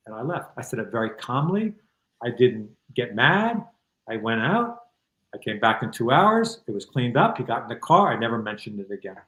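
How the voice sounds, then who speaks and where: Calm, reflective middle-aged man. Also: medium pitch, moderate pace, reverberant, rough recording. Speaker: guest author. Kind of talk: conversational storytelling.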